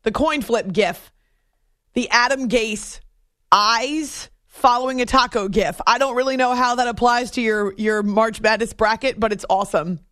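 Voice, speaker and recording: Casual and talkative, this New Hampshire radio host laughs easily and reads out messages from listeners in a relaxed late-night chat. She speaks at a normal speed in a fairly high, fairly bright voice, and the studio recording is dry.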